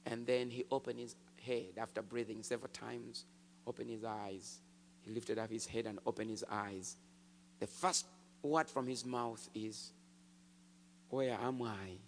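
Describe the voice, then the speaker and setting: A man preaching a testimony, telling his story with animated swings from hushed to shouted. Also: on the low side, unhurried, a little hiss or hum. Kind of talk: sermon testimony. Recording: long hall reverb.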